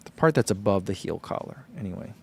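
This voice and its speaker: A man's voice: lowish voice, expressive, quick pace, vocal fry, darkish tone, husky. A man chatting casually on a vlog, rambling through running shoe thoughts and reading viewer comments aloud.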